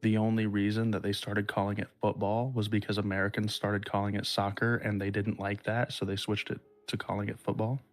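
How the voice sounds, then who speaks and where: Man reading a horror story, unhurried. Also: fairly low pitch, level tone. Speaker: podcast host. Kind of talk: reading a listener's horror story aloud, then casual chat.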